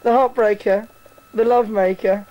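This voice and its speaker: Low-quality audio from a handheld camcorder mic, with slight background noise, captures a young man casually filming his mates inside an army barracks block. High-pitched, fairly even, and a little mellow at a measured pace, his narration is crude, teasing, and full of swearing.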